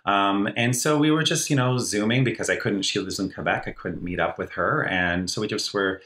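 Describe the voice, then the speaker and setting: A man's voice: on the low side, a little fast, a bit bright, roomy sound. A man being interviewed as a life coach guest on a podcast, telling a story in an earnest, upbeat way.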